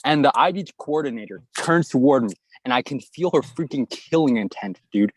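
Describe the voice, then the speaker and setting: A young man in his twenties telling a school story in a casual, animated way, playing out the voices of the people in it. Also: mid-range voice, moderate pace, no room sound. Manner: animated anecdote telling, acts out quoted voices. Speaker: guest YouTuber.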